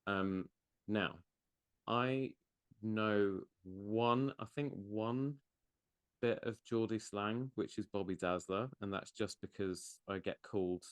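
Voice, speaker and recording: Very deep-voiced man, rambling. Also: slow, smooth, no room sound. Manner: enthusiastic, rambling, self-deprecating. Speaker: podcast host. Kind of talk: casual interview chat.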